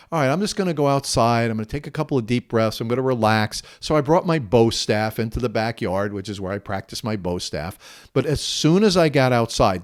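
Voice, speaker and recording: A man's voice: medium pitch, a little mellow. Earnest man telling a painful personal story. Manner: earnest and emotional, reliving a hard memory. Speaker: video host.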